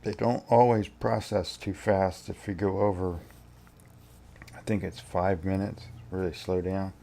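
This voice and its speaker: A man in his sixties talks in a very low, gravelly voice. He rambles easily and thinks out loud, like a tarot reader chatting on a home vlog. His manner stays relaxed and unhurried. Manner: rambling, easygoing, thinking aloud. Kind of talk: casual vlog.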